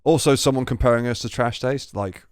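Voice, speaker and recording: A man's voice: mid-range voice, a little fast, clean tone, no echo, clean studio sound. A young man co-hosting a casual podcast chat, rambling with many restarts and casual swearing. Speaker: podcast co-host.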